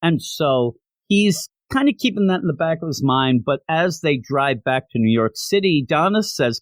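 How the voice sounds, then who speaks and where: A man hosts a comic book podcast, retelling a story in an easygoing, heartfelt way. His voice swings up and down with lively inflection. The sound is dry and close, with no room echo. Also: fairly high pitch, moderate pace. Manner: animated, openly sentimental storytelling. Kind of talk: casual comic recap.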